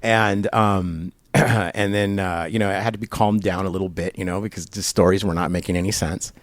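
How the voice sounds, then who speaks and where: Low-pitched and moderately paced, this man's voice carries no echo. As a guest interviewed in a barber shop, he tells a long story in a loose, animated way, with plenty of fillers and acted-out voices for the people involved.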